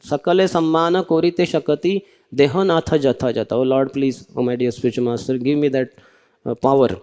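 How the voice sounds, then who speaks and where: A man's voice: fairly high pitch, darkish tone. A man giving a scripture lecture, explaining Sanskrit and Bengali verses word by word with homely examples. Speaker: preacher. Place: temple hall. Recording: long hall reverb.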